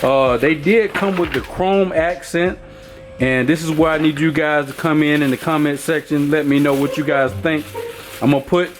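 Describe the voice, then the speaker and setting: A man's voice: fairly high pitch, fairly even intonation, normal speed, noisy background. A man hosting a casual vlog from his garage, chatting in a laid-back, rambling way and keeping up a running talk with his viewers. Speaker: YouTube channel host fixing up his pickup. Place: home garage. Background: background music.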